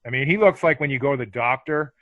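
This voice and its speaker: A man telling stories as a podcast guest in a casual interview, animated and swearing freely. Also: medium pitch, fast, no echo, lo-fi sound.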